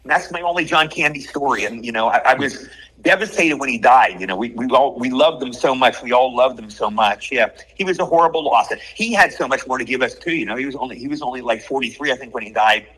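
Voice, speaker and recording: A man in his sixties, an actor guest in a casual interview, telling lively anecdotes and putting on voices for quotes. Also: mid-range voice, fast, husky, poor audio.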